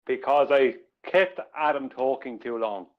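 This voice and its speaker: A man's voice: mid-range voice, lively intonation, measured pace. A man with an Irish accent joining a live show, sheepish and apologetic. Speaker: show guest. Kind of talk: casual live stream chat. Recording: muffled online call audio.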